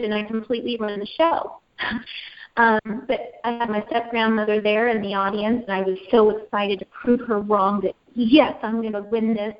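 A woman in her forties from Kansas, an interview guest telling her life story in an earnest, emotional way, often halting and repeating words. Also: mid-range voice. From Kansas, USA. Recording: slightly dull audio.

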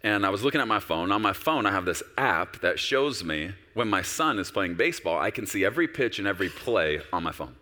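Animated male pastor in a ringing hall. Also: sits low, fairly quick, hardly any pauses. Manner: animated, swinging from soft storytelling to loud exhortation. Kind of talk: sermon. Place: large church auditorium with stage.

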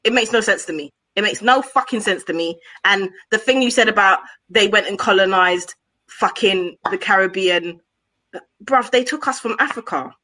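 A woman on a podcast panel, talking in a heated, outraged way, swearing and nearly shouting. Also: mid-range voice, moderate pace. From Britain. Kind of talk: heated casual discussion.

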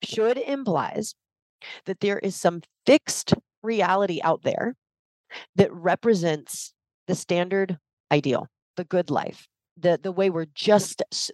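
Woman, lowish voice, leadership coach, energetic emphatic explaining, video call interview, dry sound. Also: unhurried, dry recording.

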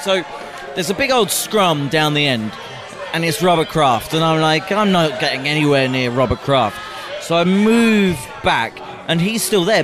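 A man hosts a loose podcast chat and tells his stories with energy, acting out what people said to him. His voice sits a little high for a man. Loud crowd chatter from a busy pub fills the background. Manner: animated storyteller, acts out quotes. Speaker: podcast host.

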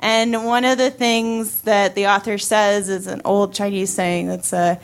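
A woman of about thirty tells a personal story on stage in a casual, wry way, full of fillers and quick restarts. Her voice sits at an ordinary middle pitch for a woman, neither high nor low. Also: flat delivery, clean tone.

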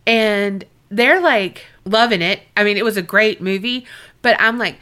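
A woman's voice: medium pitch, unhurried, pushed and bright, smooth. A woman co-hosting a podcast, chatting expressively with frequent laughs and swearing. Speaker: podcast co-host. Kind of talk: casual chat.

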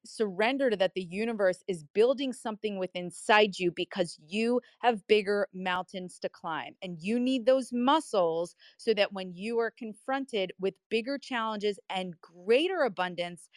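A woman's voice: medium pitch, moderate pace, no room sound. Woman talking casually on an audio chat, emphatic, keeps repeating stuff, dry close sound. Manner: animated, emphatic, repeats phrases. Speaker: guest speaker.

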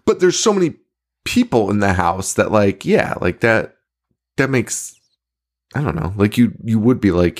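A man's voice: fairly low pitch, expressive, unhurried, pauses often. A young man co-hosting a casual horror movie podcast, swearing a lot, laughing often and acting out movie lines. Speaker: podcast co-host.

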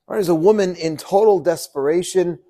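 A rabbi giving a Torah teaching, quoting Hebrew verses and translating them, with frequent rhetorical questions. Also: male voice, high voice, fairly quick. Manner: animated, quotes Hebrew verses then translates; asks rhetorical questions to the audience.

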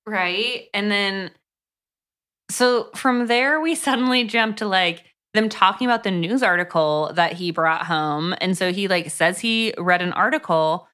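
A woman's voice: medium pitch, a little slow, fairly bright tone, clear, resonant tone. Dry, offhand woman podcast co-host. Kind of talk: casual book review chat.

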